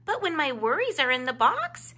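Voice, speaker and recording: A woman's voice: high-pitched, very animated, normal speed, bright, forceful tone, voice pushed up, heavily acted. A woman voicing a kind, cheerful big sister bear who comforts her brother in a storybook read-aloud. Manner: bubbly, reassuring, firm.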